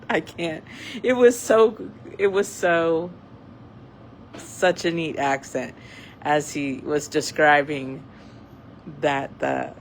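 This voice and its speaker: An unhurried, middle-pitched voice chatting casually to camera and wandering through the story with plenty of "uh"s and restarts. The speaker is half-distracted, playing with cats using a laser pointer while talking. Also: vocal fry, slight background noise, low-quality recording. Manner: rambling, with many fillers and restarts. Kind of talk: casual chat.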